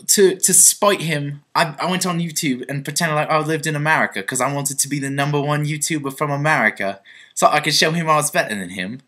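Bright-voiced young man rambling in a mock confession. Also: fairly high pitch. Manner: rambling, mock-earnest with stammered restarts. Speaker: vlogger on a group channel. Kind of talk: comic mock-confession vlog.

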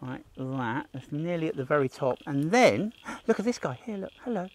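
This Australian guide has a fairly high, animated voice and a moderate pace. Hosting a livestreamed nature walk for children outdoors, he addresses viewers head-on with plenty of enthusiasm, joking around and gasping at each find.

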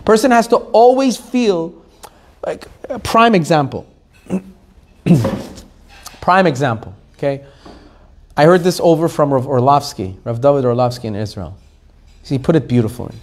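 A man, a rabbi, teaching a Torah class to a live audience, animated, asking the room questions and laughing often. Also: on the high side, normal speed, long pauses.

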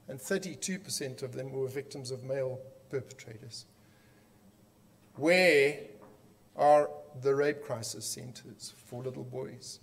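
A man with a South African accent giving an impassioned conference speech, emphatic, with rhetorical questions and dramatic pauses. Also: a little high. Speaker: conference speaker.

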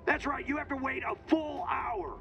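An actor voicing a crude, mocking alien drill instructor in a video game, barking taunts. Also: male voice, very high-pitched, fairly even intonation, moderate pace, gravelly, dull audio. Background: game music.

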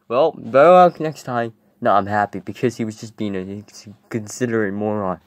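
A man voicing characters in a comedy skit, rowdy and exasperated, swearing and yelling often. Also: medium pitch, lively intonation, normal speed, no room sound.

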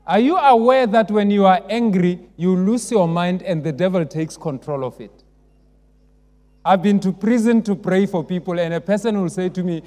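A man preaching a sermon as pastor, asking the congregation call-and-response questions and rising to emphatic shouts. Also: sits high, lively intonation, normal speed. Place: large church. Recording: long church reverb.

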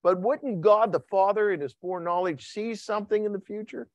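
A man preaching a Wednesday night sermon who acts out voices and shouts for effect. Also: high-pitched, a little fast, no room sound, dull audio. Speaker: pastor.

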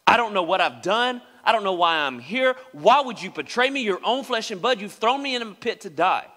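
A male preacher voicing a desperate young man pleading to be let out of a pit, his voice dropping lower. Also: very animated, a little fast, sharp tone, full character voice. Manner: begging, desperate. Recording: reverberant church hall.

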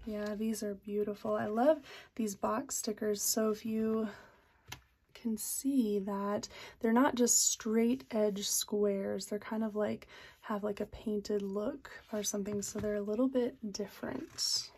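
A woman's voice: mid-range voice, fairly even intonation, slow, a little mellow, breathy edge. A young woman hosting her own planner channel, chatting with enthusiasm as she flips through a sticker book, laughing now and then and saying um often. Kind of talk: casual product flip-through.

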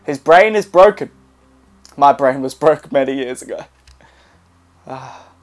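A young man giving casual let's play commentary, excitable and jokey, talking to himself and swearing now and then. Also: mid-range voice, measured pace, faint music behind. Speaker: gameplay commentator.

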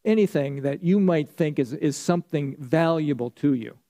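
A man leads a church Bible study with a mellow, warm tone set a little high for a man. He talks conversationally, puts questions to the class and then answers them himself. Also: normal speed. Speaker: pastor.

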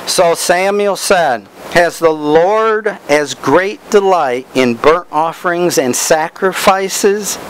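A man's voice: medium pitch, a little hiss or hum, low-quality recording. A man preaching a Bible study, reading verses aloud and stressing words as he explains them.

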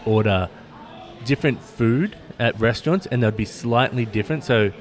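A man with an Australian accent hosting a casual podcast interview, chatty and telling animated stories. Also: medium pitch, moderate pace. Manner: chatty, swearing, animated storytelling. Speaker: podcast host.

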